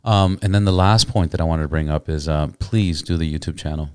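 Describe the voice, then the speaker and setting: Deep-voiced man hosting a chat. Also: brisk, a little mellow, smooth, dry recording, clean studio sound. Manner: rambling, repeats words when starting. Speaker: podcast host. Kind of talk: casual chat.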